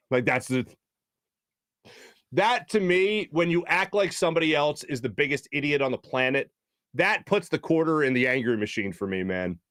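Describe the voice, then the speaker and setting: This high-voiced sports talk host rants with heat and exasperation, repeatedly slipping into mocking imitations of others. He is expressive, at normal speed, with a fairly bright tone. Sound is dry and close, no echo or room around it.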